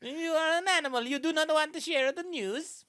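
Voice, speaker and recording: A man voicing a snooty ancient Roman who mocks people for privacy. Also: normal speed. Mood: scornful. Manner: sneering, loud, high-pitched.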